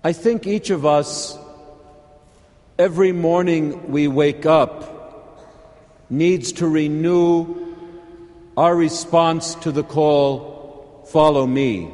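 An older priest from California gives a homily in a church at a university, talking slowly and conversationally with touches of dry humor. His somewhat raised voice carries a long reverb from the large space. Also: fairly high pitch, a little mellow. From California, USA.

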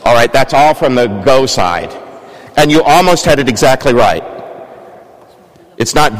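A man's voice: mid-range voice, expressive, unhurried, long pauses. A man preaching a sermon in a large church, talking casually and drawing the congregation in with questions. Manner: conversational, engages congregation with questions. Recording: long church reverb.

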